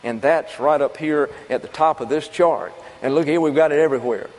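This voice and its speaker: Preaching at a fairly quick clip, this pastor keeps his sermon folksy and chatty, asking rhetorical questions only to answer them. His tone is darkish, though his pitch runs a little above the typical man's. A hall's long reverb tail trails behind his words.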